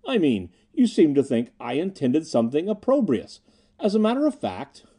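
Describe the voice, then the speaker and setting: A man voicing a fussy, flustered English gentleman lecturer in an audiobook. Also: on the high side, wildly swooping pitch, moderate pace, breathy edge, exaggerated voice. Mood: protesting.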